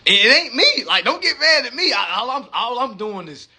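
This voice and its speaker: Animated, profane man on a live stream. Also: very high-pitched, brisk, vocal fry, husky. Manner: profane, animated, heavy street slang; repeats words, rhetorical questions. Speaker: livestream host. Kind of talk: casual monologue on a live stream.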